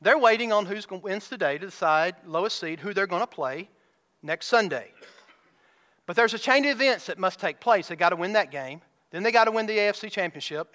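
A pastor delivers a sermon in a high, bright, forceful voice, drawing out key words and firing rhetorical questions at his congregation. Hall reverb surrounds the recording.

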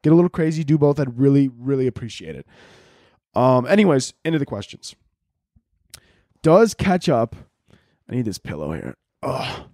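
Profane rambling podcast host, dry sound. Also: male voice, medium pitch, very animated, normal speed, long pauses, dark tone, dry recording. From Chicago area. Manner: profane, rambling, filler-heavy. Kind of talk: casual solo podcast monologue.

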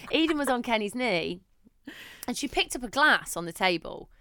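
A woman, co-hosting a casual podcast and telling a story in an animated way, swearing now and then and acting out what people said. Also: fairly high pitch, moderate pace, clear, resonant tone, no echo, studio quality. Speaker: podcast co-host. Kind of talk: casual chat.

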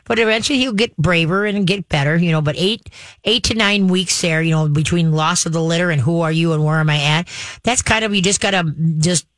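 A woman's voice: fairly low pitch, fairly quick, fairly bright tone, dry recording. Woman, puppy trainer on a radio advice show, folksy, talky, chants commands, dry close mic. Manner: folksy, checks in with frequent "okay?", chants the commands.

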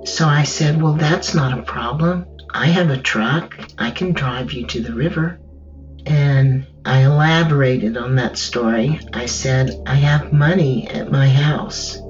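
A woman recounting her own ordeal in the first person, slow and measured, halting in places. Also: extremely low pitch. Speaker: survivor telling her story. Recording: dull distant recording with faint music.

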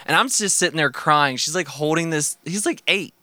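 A man's voice: a little high, expressive, normal speed, bright, forceful tone, dry recording. A young man telling family stories casually on a podcast, rambling with lots of fillers and laughs. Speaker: guest.

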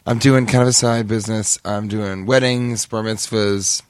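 A man's voice: lowish voice, fairly even intonation, moderate pace, smooth, no room sound. A man co-hosting a comedy podcast, riffing and cursing as he jumps into goofy voices. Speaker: podcast co-host. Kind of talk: improvised comedy chat.

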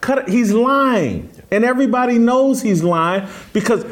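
A man's voice: very high-pitched, animated, normal speed. A man hosting a sports talk show, giving blunt, emphatic opinions and telling stories, with a mocking edge. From Indianapolis, USA.

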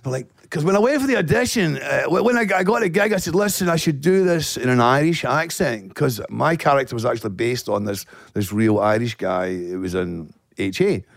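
A man's voice: medium pitch, lively intonation, a little fast, creaky, few pauses, no room sound, clean studio sound. A man with a Glasgow accent, a guest actor telling blunt, sweary stories in a casual podcast chat. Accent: Scottish, Glasgow. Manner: swears a lot, blunt storytelling.

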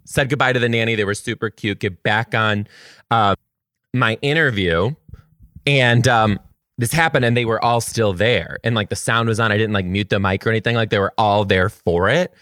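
Excitable, chatty man, kindergarten teacher. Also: on the low side, moderate pace, no room sound, clean studio sound. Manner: animated, gushing, excitable; chatty with frequent "like" fillers. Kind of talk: casual storytelling to viewers.

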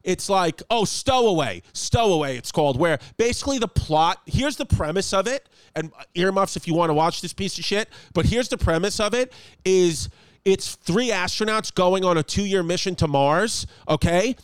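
Recorded dry with a clean tone, this thirtysomething comedian's high, expressive voice moves at normal speed. He hosts a casual podcast from his apartment, wandering off on tangents, cracking jokes and cursing a lot.

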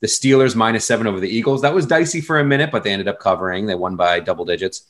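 A man's voice: lowish voice, lively intonation, very fast. A man co-hosting a casual sports betting podcast, easygoing and explaining with examples. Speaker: podcast co-host. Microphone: studio mic.

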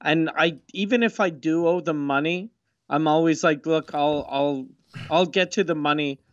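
A man's voice: a little high, normal speed, no echo, muffled recording. A man chatting casually on a podcast, musing and a little anxious as he talks. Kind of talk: casual chat.

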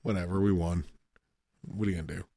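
A man co-hosting a casual sports podcast, trading fast, profane, joking banter. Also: sits low, little pitch movement, dark tone, dry recording, studio quality. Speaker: podcast co-host.

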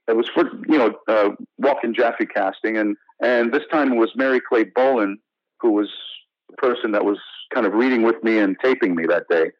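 An American actor being interviewed, telling stories in a casual, animated way with many restarts and "you know" fillers. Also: male voice, medium pitch, dry recording, muffled recording. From United States. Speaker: actor guest.

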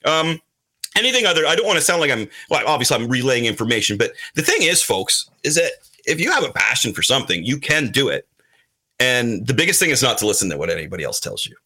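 Brief: animated male podcast regular, bright tone, swooping pitch, fond of quick put-on voices. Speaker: show regular, comic publisher. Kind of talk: casual podcast chat.

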